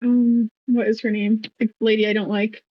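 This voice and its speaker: A woman's voice: fairly high pitch, level tone, normal speed, no echo. A woman playing a tabletop game, talking casually and hesitantly with fillers. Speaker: player. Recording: dull lo-fi dry mic.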